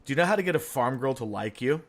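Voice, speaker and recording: A man's voice: medium pitch, lively intonation, fast talker. A man hosting a podcast, telling jokes in casual chat and laughing at his own punchlines. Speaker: podcast host.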